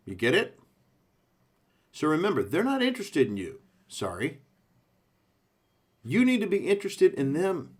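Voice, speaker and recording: A man's voice: on the high side, huge pitch swings, moderate pace, pauses often. Punchy male sales trainer. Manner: punchy, coaching, frequent "okay?" check-ins.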